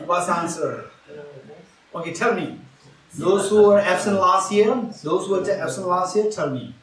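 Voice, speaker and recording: In a retreat teaching hall, a man with a high-pitched, somewhat bright voice talks at normal speed. His Buddhist teaching is interactive: he questions listeners and circles back to key phrases, all heard from far off in a spacious room.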